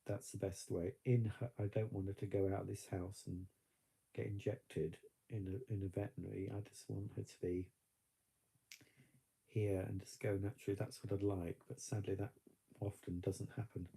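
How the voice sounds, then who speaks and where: A man's voice: lowish voice, flat delivery, normal speed, vocal fry, dark tone, slightly rough. A man chatting on a live stream, reflective and rambling with many fillers, tearful at times. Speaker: vlogger. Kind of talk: casual live-stream chat.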